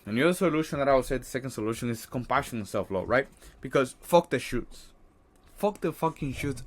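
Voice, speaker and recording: A man's voice: medium pitch, expressive, brisk. Blunt, swearing motivational guy. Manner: casual and blunt, swears often, keeps asking "right?". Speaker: social anxiety coach. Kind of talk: motivational vlog talk.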